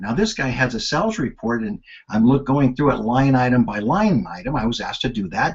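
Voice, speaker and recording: Husky, animated older man teaching. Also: medium pitch, dull audio. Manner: animated, anecdotal storyteller. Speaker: marketing webinar presenter. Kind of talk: storytelling lesson.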